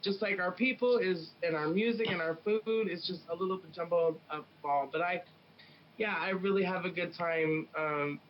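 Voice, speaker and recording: A woman's voice: fairly low pitch, normal speed, lo-fi sound, slight background noise. A woman rapper from the Pacific Northwest talking frankly in a casual interview, telling stories with plenty of fillers. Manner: frank, storytelling, many fillers. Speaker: guest rapper.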